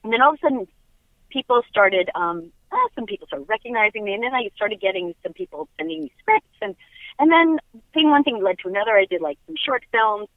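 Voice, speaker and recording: A woman's voice: a little high, lively intonation, a little fast, no echo. A middle-aged woman from Long Island, chatting upbeat and laughing often as a guest in a phone interview. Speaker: guest actress. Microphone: telephone. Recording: tinny phone line.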